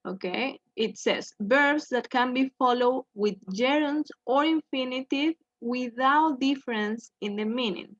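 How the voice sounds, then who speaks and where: Slow, patient woman teaching grammar. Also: fairly high pitch, no echo. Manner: slow, repeats "okay" to check in with students. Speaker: English teacher. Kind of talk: online grammar lesson. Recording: dull lo-fi sound.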